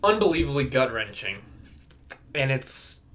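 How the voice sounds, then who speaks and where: Young guy rambling on his podcast, swears a lot, laughs at his own stories, middle-pitched voice. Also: very animated, measured pace, fairly bright tone, slight background noise. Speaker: podcast host. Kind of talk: casual solo podcast chat.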